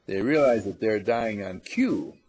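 A man giving a spiritual lecture to a live audience, animated and teasing, acting out little scenes as he goes. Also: on the low side, a little slow, husky. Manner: animated, acts out little scenes in funny voices; coaxes and teases the audience. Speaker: motivational speaker.

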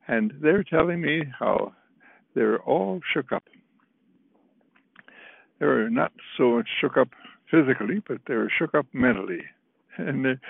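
Slow gravelly man, soothing affirmations. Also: medium pitch, no room sound. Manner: slow, soothing, repeats affirmations, chuckles often. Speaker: spiritual counselor. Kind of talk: inspirational talk. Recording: tinny phone-like recording.

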